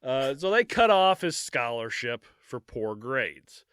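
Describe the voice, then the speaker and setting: A man hosts a history podcast, reading his notes in a bright, cutting voice that swings up and down a lot. He stumbles, corrects himself and breaks off for jokey asides with a quick laugh. The sound is dry and close. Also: medium pitch, very animated, clean tone, no echo. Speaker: podcast host.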